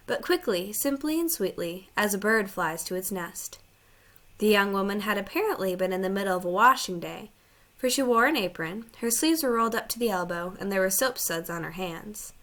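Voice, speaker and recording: A woman narrating a storybook in an even, clear read. Her voice sits at a middling pitch for a woman and keeps a steady storytelling flow. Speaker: audiobook narrator. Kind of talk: scripted narration.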